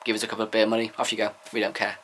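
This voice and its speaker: A man's voice: on the low side, monotone, rapid-fire, a bit bright, a little hiss or hum. Man, vlogger, casual opinion vlog, rambling, candid, opinionated.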